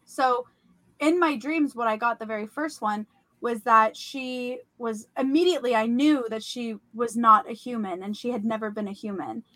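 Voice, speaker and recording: A young woman hosting a podcast, telling about a vivid dream in a casual, animated way full of "like" and fillers. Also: a little high, no room sound. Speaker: podcast host. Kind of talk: casual storytelling.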